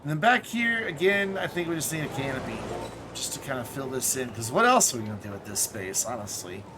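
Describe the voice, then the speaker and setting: A man streaming a city-building game, thinking aloud in relaxed commentary with small asides. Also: mid-range voice, a little fast, background noise.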